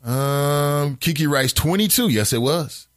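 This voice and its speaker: A man hosts a casual call-in show, reading listener messages and answering them with incredulous asides. His pitch swings widely when he gets worked up. The sound is dry and close, with no room around it. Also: a little slow, no room sound. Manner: animated, incredulous asides with laughs; reads comments aloud in a flatter tone. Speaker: talk show host reading listener comments.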